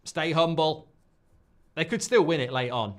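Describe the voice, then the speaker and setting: A man hosting a live football watchalong, reacting loudly to goals and swearing freely. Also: a little high, unhurried. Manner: excitable, swears, shouts at goals. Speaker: watchalong host.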